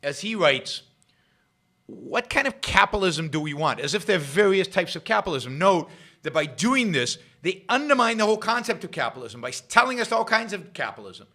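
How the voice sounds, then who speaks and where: A man hosts a solo commentary show, arguing point by point and driving ideas home through repetition. His pitch sits a touch high and swings widely as he presses each argument. The tone is bright and forceful. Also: very animated, fairly quick. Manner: emphatic, argumentative, repeats phrases for effect. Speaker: show host. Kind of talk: solo political commentary livestream.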